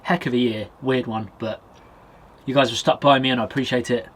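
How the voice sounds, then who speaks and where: A man from Britain vlogging from a small wood cabin with a stove, chatting in a relaxed way and talking straight to his viewers. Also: medium pitch, brisk, noisy background. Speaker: outdoors vlogger. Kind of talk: casual vlog to camera.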